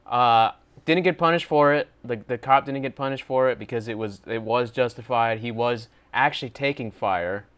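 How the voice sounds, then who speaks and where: A man talks through video clips with his co-host in a loose, conversational way. His voice sits at an ordinary pitch. He explains and asks questions, swearing now and then. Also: normal speed, fairly bright tone, smooth. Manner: chatty, explains, asks opinions, casual swearing. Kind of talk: casual reaction-show chat.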